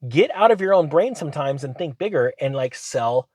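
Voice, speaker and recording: A man, hosting his channel and telling rambling, animated business stories in casual chat. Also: fairly high pitch, moderate pace, dry recording. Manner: rambling, animated anecdotes with acted quotes. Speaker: channel host. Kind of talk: casual storytelling monologue.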